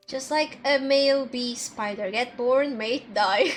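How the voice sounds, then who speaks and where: A woman's voice: sits high, slow. A woman streaming a game, chatting playfully with her viewers and swearing often. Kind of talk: casual game-stream chat. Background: faint background music.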